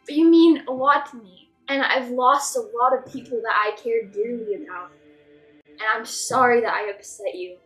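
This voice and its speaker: A woman's voice: on the high side, moderate pace, a bit bright, echoey room, soft background music, natural voice. A woman voicing an awkward, proud young man who stumbles through an earnest apology. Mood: remorseful.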